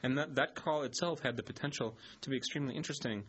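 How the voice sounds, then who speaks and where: A man's voice: medium pitch, quick pace, a bit bright, breathy edge. A man co-hosting a call-in radio talk show, rambling and wordy, laughing often. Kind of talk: casual talk radio banter.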